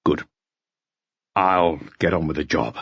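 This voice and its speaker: A man reading an audiobook, voicing a weary middle-aged male police inspector who talks calmly and quietly. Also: extremely low pitch, slow, breathy edge, no echo, exaggerated voice. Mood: resigned. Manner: calm, quiet, resigned. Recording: dull lo-fi audio.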